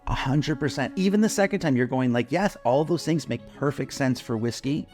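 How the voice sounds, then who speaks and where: A man co-hosting an advertising podcast, telling a story in a lively, laughing, swearing way. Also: medium pitch, brisk, soft background music. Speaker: podcast co-host, advertising consultant. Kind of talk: casual chat.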